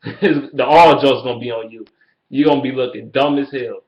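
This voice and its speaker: A man ranting in a fan video, trash-talking the rival team, swearing freely, and jumping into high mocking sing-song taunts. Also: fairly even intonation, normal speed. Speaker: sports fan vlogger. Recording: echoey room, dull lo-fi sound.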